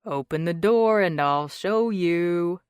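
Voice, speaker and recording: A woman narrator puts on the voice of a cocky, sarcastic young man who teases and draws out his words in a coaxing mood. The voice sits a little low with a fairly bright tone, recorded close and dry with no room sound at all.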